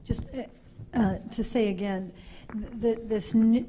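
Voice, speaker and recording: A woman's voice: fairly high pitch, fairly even intonation, slow, dark tone, slightly rough. A woman speaking on a conference panel, earnest and repetitive, acting out little quoted exchanges as she explains.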